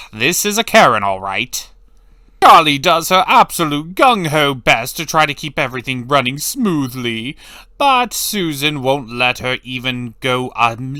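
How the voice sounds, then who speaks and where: A man recaps a cartoon episode in loose, casual commentary, blunt and sarcastic, with free swearing. His voice is bright and forward, and his pitch swings around animatedly. The sound is dry and close. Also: dry recording. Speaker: cartoon reviewer.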